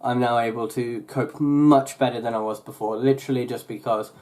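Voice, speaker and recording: Young male vlogger, mid-pitch, chatty and meandering, lots of fillers and self-corrections. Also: fairly even intonation, a little fast, darkish tone. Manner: rambling, full of fillers and restarts. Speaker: YouTuber. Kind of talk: casual vlog chat.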